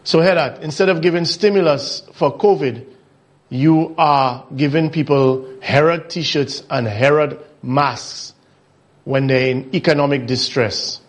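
A man's voice: fairly high pitch, measured pace. A man hosting a political commentary show, mocking and full of rhetorical questions. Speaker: talk show host.

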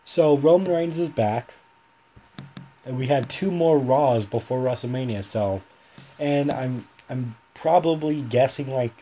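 A man's voice: mid-range voice, warm tone, a little hiss or hum. A young man hosting a solo podcast, talking casually and rambling, often correcting himself mid-sentence. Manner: rambling, self-correcting, chatty. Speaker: podcast host.

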